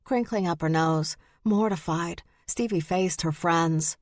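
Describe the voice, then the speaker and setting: A woman narrating an audiobook in a measured, deliberate way. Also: lowish voice, no room sound, clean studio sound. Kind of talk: scripted narration.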